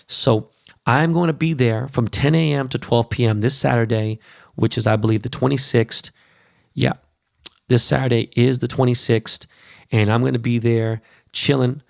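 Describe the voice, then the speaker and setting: A man's voice: mid-range voice, creaky, no room sound, studio quality. A man hosting a podcast, ranting casually and profanely about basketball and plugging events. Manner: profane, animated sports rant. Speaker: podcast host.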